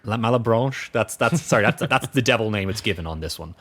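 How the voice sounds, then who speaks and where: A casual podcast co-host, a man with an Irish accent and a lowish voice. He rambles and restarts his sentences often as he chats. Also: lively intonation, sharp tone. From Ireland. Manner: rambling, halting, with many restarts. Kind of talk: casual chat.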